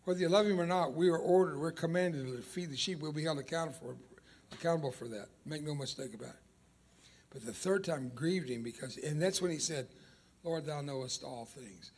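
Older guy preaching, spanish was his first language, a bit high voiced, punchy with long dramatic pauses. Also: a little mellow, breathy edge. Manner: emphatic, dramatic pauses, stretches key words. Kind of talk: sermon.

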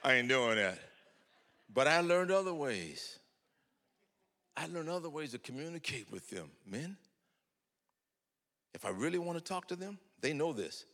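A man's voice: a little high, very animated, moderate pace, long pauses, fairly bright tone, in a large hall. An older man telling folksy, humorous family stories in a sermon, acting out the dialogue. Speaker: preacher. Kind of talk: storytelling sermon.

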